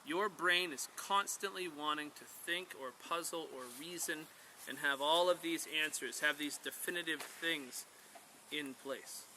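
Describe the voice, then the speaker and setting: Bright-voiced man telling a campfire tale. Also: on the high side, a little slow, slight background noise. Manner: animated storyteller, draws lessons from tales. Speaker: bushcraft instructor. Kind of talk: storytelling to a camp group. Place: outdoors at a woodland skills camp.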